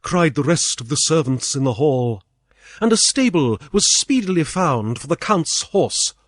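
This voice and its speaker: This audiobook reader, a British man, gives storybook narration of an old tale with measured expressiveness, his voice a little high and ranging widely in pitch. It's a close recording with no room sound and no echo.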